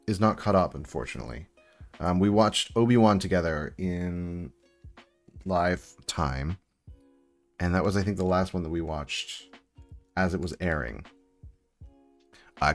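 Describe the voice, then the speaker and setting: Low-voiced male streamer, chatty and rambling, talking to chat over soft music. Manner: chatty, rambling, answers chat while building. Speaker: livestream host building sets. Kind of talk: casual live-stream chat.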